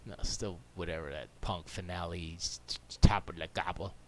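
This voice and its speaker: A man's voice: low voice, steady tone, normal speed, a bit bright. A man streaming from his home studio, rambling to himself in casual chatter while setting up. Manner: rambling, talks to himself, mutters and jokes.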